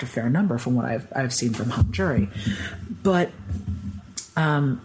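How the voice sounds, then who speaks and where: A man guest on a podcast, telling personal stories in a rambling, animated way full of "like". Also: medium pitch, a little hiss or hum, low-quality recording. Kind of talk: conversational storytelling.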